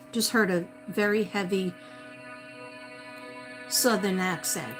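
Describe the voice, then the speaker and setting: A woman's voice: medium pitch, fairly even intonation, unhurried. A woman psychic medium doing a livestream reading, calling out to a missing person and repeating his name as she searches. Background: music.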